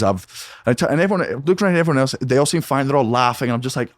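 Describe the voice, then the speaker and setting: Excitable, swearing male storyteller. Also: medium pitch, dry recording. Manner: rapid, profane, excitable storytelling with frequent swearing. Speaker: podcast guest, comedian. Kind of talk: animated anecdote telling. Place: home studio man cave.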